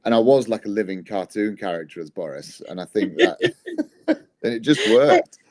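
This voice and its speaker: A man's voice: lowish voice, huge pitch swings, moderate pace, a little mellow. A man, a wrestler, chatting casually in an interview and telling rambling, self-deprecating stories. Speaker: guest, wrestler.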